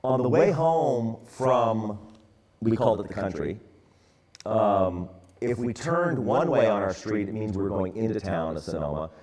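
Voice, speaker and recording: An older man in his sixties, from the San Francisco area, tells a story at church in an easygoing, conversational way. His voice sits fairly low, and he talks in loose, rambling phrases with plenty of ums and you-knows. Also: a little slow. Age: 60s. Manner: relaxed, conversational, many fillers. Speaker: church ministry speaker.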